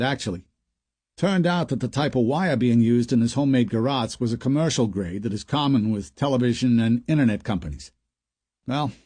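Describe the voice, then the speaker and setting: A man's voice: medium pitch, darkish tone, dry recording, close to an everyday voice. A man voicing a casual, chatty male FBI agent with a Boston accent in an audiobook.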